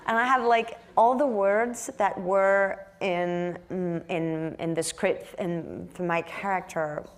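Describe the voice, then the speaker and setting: French actress guest, lower register, hesitant, thoughtful delivery. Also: female voice, steady tone. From France. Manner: halting, searching for words, many restarts. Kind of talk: live onstage interview.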